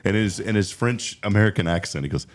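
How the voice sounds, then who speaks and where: A man hosting a morning radio show, telling stories in quick, animated bursts and laughing often. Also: on the low side. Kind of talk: casual radio chat.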